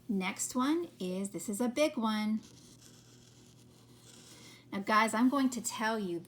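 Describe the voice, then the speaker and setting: A woman teaching a phonics lesson to children, sounding out words slowly and patiently. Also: mid-range voice, vocal fry.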